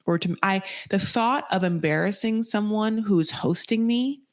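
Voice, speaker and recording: A woman's voice: medium pitch, a little slow. A woman hosting a casual recap podcast, talking bluntly and with lots of swearing. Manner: blunt, profane, animated. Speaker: podcast host. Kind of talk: casual reality-TV recap commentary.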